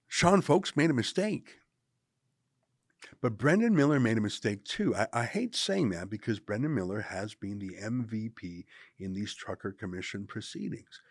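A man's voice: fairly low pitch, expressive, moderate pace, no room sound, clean studio sound. A man commentating on clips, sarcastic and argumentative. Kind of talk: opinion commentary.

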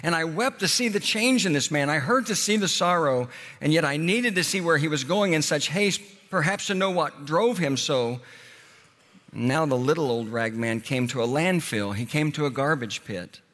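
A man telling a story dramatically, moving from hushed, quiet passages to urgent ones. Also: fairly high pitch, moderate pace. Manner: expressive, swinging from hushed to urgent. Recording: reverberant hall.

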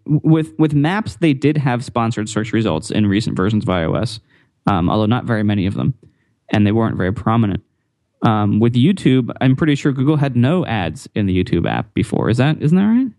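A man's voice: medium pitch, animated, a little fast, mellow, no room sound, clean studio sound. Rambling man on a tech podcast. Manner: rambling, repeats words, frequent fillers. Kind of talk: casual tech podcast chat.

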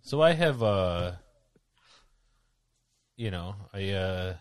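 Lively joking podcast guy. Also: low voice, very slow, clean tone, dry recording. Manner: animated, joking. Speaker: podcast co-host. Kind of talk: casual chat.

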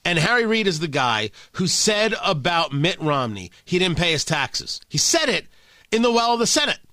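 A man's voice: high-pitched, big pitch swings, normal speed, bright, forceful tone, no room sound. A man hosting a political talk show, delivering combative, sarcastic commentary.

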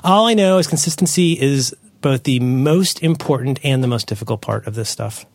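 A man hosting a podcast, chatting casually as a parent, rambling and correcting himself as he tells animated stories. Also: mid-range voice, moderate pace. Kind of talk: casual chat.

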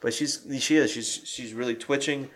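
A man co-hosting a casual podcast about a film, animated and laughing, with lots of fillers and swearing. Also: mid-range voice, normal speed. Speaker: podcast co-host.

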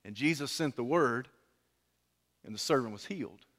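A man preaching a sermon in a dramatic way, swinging from loud pleading to hushed lines. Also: medium pitch, expressive, normal speed. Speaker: pastor. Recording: long hall reverb.

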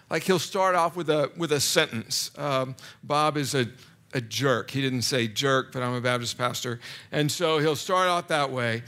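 Speaking to a live crowd in a fairly high, bright, forceful voice, a pastor delivers a relaxed, self-deprecating sermon. He stumbles through plenty of fillers and restarts his sentences.

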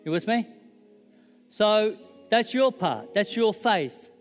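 A man's voice: sits high, big pitch swings, slow pace, big-room sound, faint music behind. A middle-aged man preaching a sermon in a conversational, joking way and checking in with his audience. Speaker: pastor.

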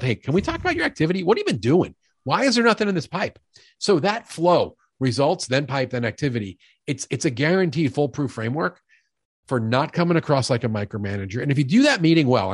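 An energetic middle-aged man explains sales management in an emphatic, conversational way and often slips into acted-out dialogue. His voice is recorded close and dry, with no room sound, and sits at an ordinary male pitch. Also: husky, no room sound. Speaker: sales leadership expert guest. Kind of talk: conversational podcast interview.

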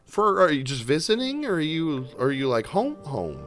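A man's voice: sing-song, normal speed, faint music behind. Man playing a folksy Southern merman dad. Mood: warm. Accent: American Southern. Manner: warm folksy drawl, high and hearty. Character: kindly middle-aged merman farmer father.

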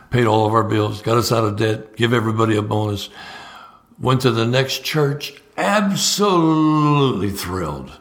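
Speaking a little slowly, an older man appears as an evangelist guest on a podcast interview and spins lively stories. He tends to say a sentence's first word twice, and his pitch leaps upward whenever he acts out other people's lines.

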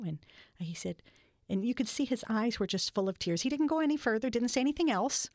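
An older woman telling stories in an interview, earnest and halting with many restarts. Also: medium pitch, creaky, a little mellow, dry recording, clean studio sound. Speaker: guest. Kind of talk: storytelling in a podcast interview.

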